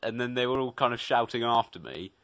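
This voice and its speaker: A teenage boy co-hosting a casual comedic chat show, deadpan and understated. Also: medium pitch, a little fast, no echo, lo-fi sound. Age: teens. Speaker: co-host.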